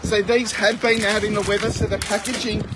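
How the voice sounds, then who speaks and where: High-voiced man calling out bargain prices. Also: little pitch movement. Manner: rapid price-calling, chatty with viewers. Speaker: livestream sale host. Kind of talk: live shopping stream. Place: outdoors at a warehouse sale. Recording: noisy outdoor phone recording with wind.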